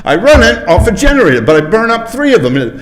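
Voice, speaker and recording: Guy pleading at a council meeting, high-ish voice, real emotional, echoey chamber. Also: very animated, fast, slight background noise. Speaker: public commenter. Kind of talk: emotional public comment. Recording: echoey hall.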